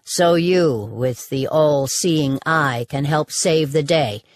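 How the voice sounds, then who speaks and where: A deep, curt man, as a female audiobook reader lowers her voice for him speaks in a sharp, dismissive tone that needles the listener. The voice sits well below a woman's usual register and has a darker, different timbre. The recording is dry and close. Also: slow, no room sound. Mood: curt, baiting. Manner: dismissive, baiting. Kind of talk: audiobook character voice.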